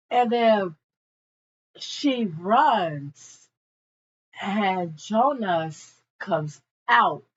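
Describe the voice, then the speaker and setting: A woman's voice: mid-range voice, dull audio. A young woman casually recapping a TV episode in a gossipy way, with frequent asides to her viewers. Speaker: TV show reviewer.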